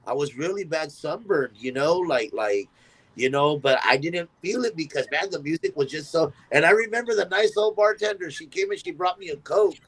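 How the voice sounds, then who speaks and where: A man tells a story as a musician guest on a podcast interview, with his voice sitting a little above the usual range for a man. He talks in an animated way and acts out the voices of the people in his tale. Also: on the high side, normal speed, rough recording.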